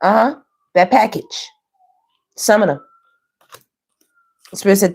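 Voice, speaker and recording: A woman's voice: mid-range voice, takes it slowly, vocal fry, a little mellow, slightly rough. A woman doing a casual online tarot reading, chatty and playful, who laughs often and talks straight to her viewers. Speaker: tarot reader.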